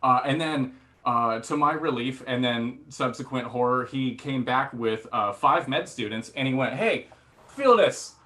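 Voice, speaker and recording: A man's voice: mid-range voice, fairly even intonation, normal speed, pushed and bright. A man doing stand-up comedy, telling a rambling, self-deprecating story full of fillers, restarts and acted-out quotes. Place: theatre stage before a laughing audience.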